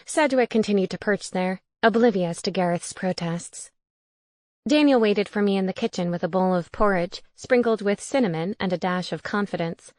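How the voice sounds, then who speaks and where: A woman narrating a cozy mystery audiobook in an even, soft-spoken way. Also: mid-range voice, moderate pace, dry recording, clean studio sound.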